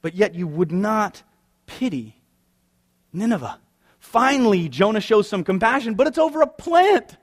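Wry, talky pastor with a higher voice. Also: male voice, big pitch swings, normal speed. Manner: conversational and wry, full of rhetorical questions. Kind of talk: sermon.

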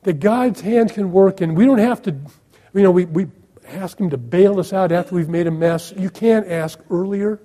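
Husky-voiced man preaching conversationally. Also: sits high, normal speed, dark tone. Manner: conversational, asks the listeners questions, sarcastic asides. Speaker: pastor. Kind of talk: sermon.

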